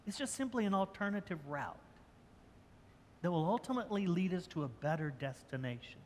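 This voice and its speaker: An older male pastor preaches in a relaxed, conversational way, stumbling over and repeating little words as he goes. His voice sits a touch high for a man. It rings out through a church sanctuary with a long, echoing reverb. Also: a little fast, a little hiss or hum. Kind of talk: sermon.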